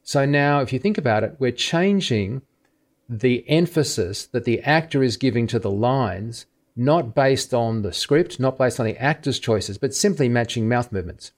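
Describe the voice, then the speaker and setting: A man's voice: mid-range voice, animated, moderate pace. A man being interviewed as an expert, explaining carefully step by step with casual fillers. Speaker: guest expert on film dubbing.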